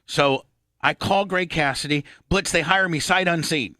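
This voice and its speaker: A man in his fifties hosting a radio talk show, telling a rambling, profane story and clearing his throat often. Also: fairly high pitch, unhurried, pushed and bright, no echo, clean studio sound.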